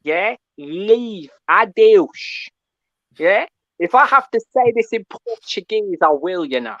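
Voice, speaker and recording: A man calling in to a fan show, ranting in an animated, preachy way and often asking "yeah?". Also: sits high, takes it slowly, dry recording, muffled recording. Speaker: caller. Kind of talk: call-in fan rant.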